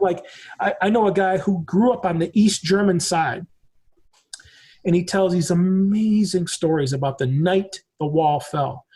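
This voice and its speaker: Husky, high-voiced American man in his forties. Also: a little mellow. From United States. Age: 40s. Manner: rambling, emphatic storytelling with frequent swearing. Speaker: podcast guest. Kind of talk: casual conversation.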